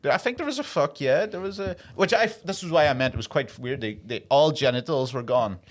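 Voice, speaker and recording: A man's voice: mid-range voice, expressive, fairly quick. A male podcast host chatting casually, rambling, restarting his sentences, and swearing between giggles. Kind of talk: casual chat.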